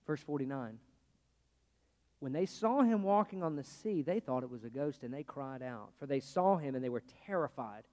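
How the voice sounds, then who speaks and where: A man preaching a sermon in a conversational way, swinging between loud, pressing lines and hushed, quiet ones. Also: mid-range voice, expressive, normal speed, in a large hall. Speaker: pastor.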